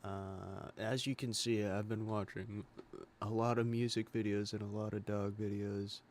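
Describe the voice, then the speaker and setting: A young man with a lowish voice rambles on a casual stream, trailing off and swearing. His talk drifts loosely from one thought to the next. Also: flat delivery, moderate pace, slight background noise. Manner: rambling, mumbled, heavy swearing.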